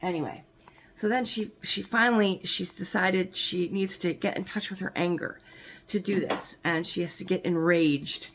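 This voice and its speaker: A woman's voice: fairly low pitch, moderate pace, a little hiss or hum. A woman casually retelling a movie's plot, rambling and full of "like" and "you know", breaking off for small asides. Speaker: movie explainer.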